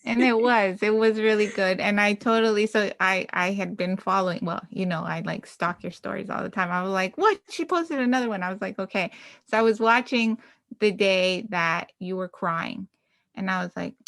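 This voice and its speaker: A chatty woman podcast host in her thirties, from Canada, telling stories in an animated, lively way. Her voice sits in a middle pitch and sounds close and dry, with no room sound. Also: moderate pace, gravelly, dry recording. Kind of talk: casual chat.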